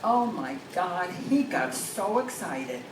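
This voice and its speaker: Older woman stand-up comic, unhurried storyteller, distant mic in a live venue. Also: lowish voice, sing-song. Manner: storytelling with punchlines. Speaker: comedian. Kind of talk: stand-up comedy. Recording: echoey and distant, with crowd noise.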